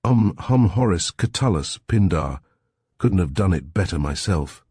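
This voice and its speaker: A man's voice: deep voice, lively intonation, unhurried, warm tone, breathy edge, no echo, studio quality, heavily acted. A man reading the part of an irascible old general who snaps and barks his words. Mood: gruff. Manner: snappish, barking.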